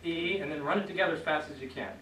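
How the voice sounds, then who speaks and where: A man teaching a class, relaxed, leading students in repeating sounds. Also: on the high side, very fast, a little hiss or hum. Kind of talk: classroom lesson. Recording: echoey room, voice from far off.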